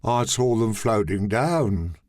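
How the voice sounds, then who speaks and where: A man voicing a gentle, dreary helper who speaks in a flat monotone. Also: fairly low pitch, slow, dry recording, clean studio sound.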